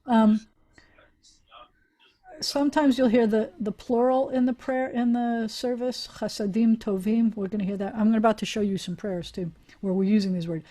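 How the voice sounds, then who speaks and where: A woman's voice: fairly high pitch, steady tone, normal speed, mellow. A woman rabbi teaching a Hebrew class over a video call, chatty and encouraging, often laughing with her students.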